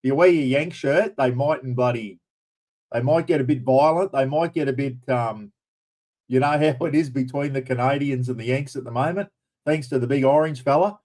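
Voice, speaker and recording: An Australian man hosting a relaxed livestream, talking in a loose, blunt way with easy swearing. His voice sits at a middling pitch, neither deep nor high. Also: moderate pace, poor audio. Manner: chatty and blunt, mild swearing, greets viewers by name. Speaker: livestream host. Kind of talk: casual chat.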